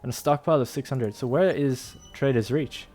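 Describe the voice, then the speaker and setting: A young man talks his way through a strategy game stream, chatty and loose, often trailing off into laughs. His voice sits in a middle pitch, with faint music playing underneath. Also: moderate pace, darkish tone. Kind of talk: casual gameplay commentary.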